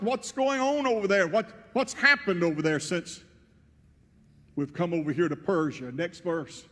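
A pastor preaching a sermon, retelling a scripture story in first person and swelling to loud, emotional peaks. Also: male voice, high-pitched. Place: church sanctuary. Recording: church hall with long reverb.

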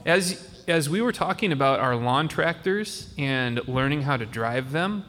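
A man's voice: on the high side, lively intonation, unhurried, a bit bright, long reverb tail. A man hosting a podcast, chatting with children and asking them friendly, teacherly questions. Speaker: podcast host. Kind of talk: casual chat with children.

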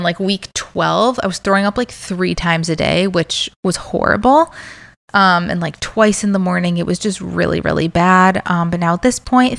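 A young woman with a slightly low voice talking casually on her podcast. She rambles in a candid, chatty way, with plenty of fillers and restarts. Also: vocal fry, fairly bright tone, no room sound. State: pregnant. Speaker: podcast host. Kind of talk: casual chat.

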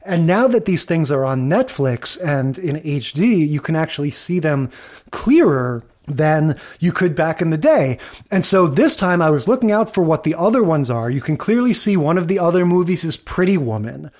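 Podcast guy w a slightly high voice, chatty, nerdy little theories, rambles off on tangents. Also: expressive, moderate pace, a little mellow. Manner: chatty, analytical, prone to tangents. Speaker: podcast co-host. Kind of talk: casual chat.

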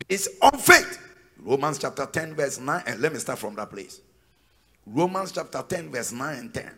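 A man preaching a sermon as pastor, emphatic and sing-song, rising to shouted peaks. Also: medium pitch, very animated, normal speed, slightly rough. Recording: long reverb of a large hall.

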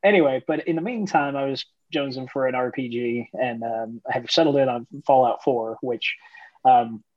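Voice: mid-range voice, moderate pace, no room sound. A podcast co-host talks in a loose, hesitant way, leaning on ums and likes. The audio is dry and dull, with a lo-fi feel. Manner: relaxed, hesitant with many ums. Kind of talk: casual podcast chat.

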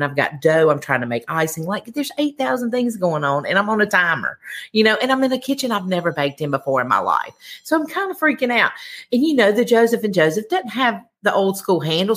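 A middle-aged woman, a podcast guest telling rambling stories in casual chat, laughing often and acting out what people said. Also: mid-range voice. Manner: chatty, rambling, laughs often, acts out quotes. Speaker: podcast guest, baking competition winner.

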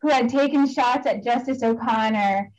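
Higher-pitched woman host, slightly dull sound. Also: normal speed, darkish tone. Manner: prompting, affirming with short replies. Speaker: podcast host. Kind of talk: interview questions.

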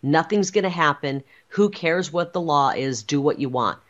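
A woman's voice: sits low, expressive, moderate pace, muffled recording. A woman speaking as a political guest in an interview, defiant and insistent, hammering her points with repeated phrases. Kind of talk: emphatic interview talk.

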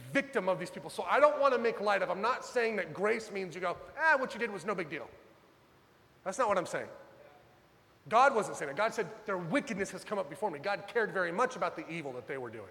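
A man preaching a sermon as pastor, dramatic, swinging from loud urgent pleas to hushed low lines. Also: lively intonation, fairly quick, in a large hall.

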